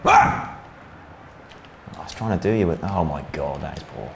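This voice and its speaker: A man's voice: rumbling low, animated, fast talker, creaky, dark tone. A man, chatting with dry, self-deprecating humour as a guest during a video game session. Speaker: guest comedian. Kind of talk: casual banter while gaming. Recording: roomy echo with faint room noise.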